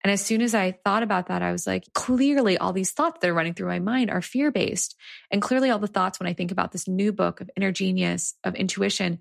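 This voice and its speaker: A woman's voice: medium pitch, fast talker, vocal fry, dry recording, clean studio sound. A woman, an executive coach and author, telling a story in an earnest, reflective way as an interview guest.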